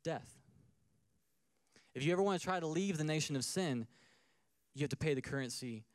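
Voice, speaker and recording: A man's voice: fairly high pitch, normal speed, clear, resonant tone, no room sound. A man preaching a sermon in a conversational way, acting out little scenes and asking the crowd questions. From United States. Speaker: pastor.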